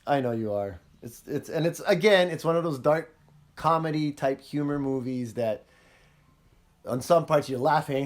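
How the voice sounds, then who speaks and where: A man's voice: a little high, moderate pace. A man hosting a casual podcast, chatting about movies, acting out scenes in funny voices and laughing often. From Hawaii. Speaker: podcast host.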